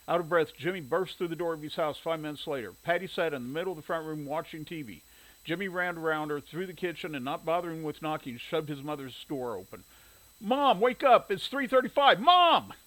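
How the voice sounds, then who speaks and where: A man reading a story aloud in steady audiobook narration. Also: a little high, a little fast, poor audio.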